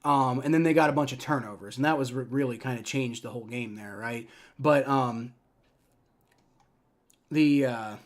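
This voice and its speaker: A man's voice: mid-range voice, moderate pace, long pauses. A young man hosting a live play-by-play reaction stream, ranting and swearing in frustration as a fan. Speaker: livestream reaction host.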